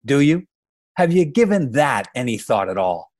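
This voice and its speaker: A man's voice: mid-range voice, very animated, moderate pace, a little mellow, no room sound, clean studio sound, pitched above the performer's own voice, lightly acted. A man voicing a defensive young adult daughter who insists she knows what she is doing. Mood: insistent.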